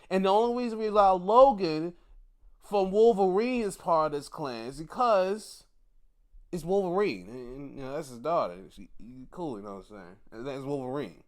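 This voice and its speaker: A man reviews wrestling shows in casual commentary, excitable and profane, often putting on mock outrage. His voice is high-pitched with a clean tone, and he speaks a little slowly.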